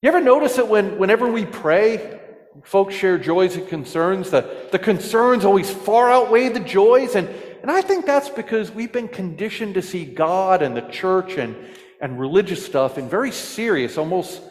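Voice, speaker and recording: A man preaching in a church, telling jokes with a lively storyteller's delivery. His voice sits fairly high for a man, and the sound rings with a long hall reverb. He turns to the congregation with questions. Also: moderate pace. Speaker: pastor. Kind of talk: sermon with jokes.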